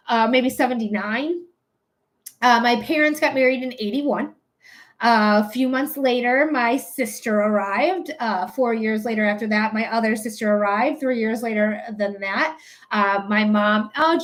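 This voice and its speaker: A woman in her thirties with a high, bright voice tells a long story on a live stream. She talks in a chatty, animated way, full of ums and casual swearing. She keeps breaking off to thank her viewers by name. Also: rough recording. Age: 30s. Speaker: psychic streamer.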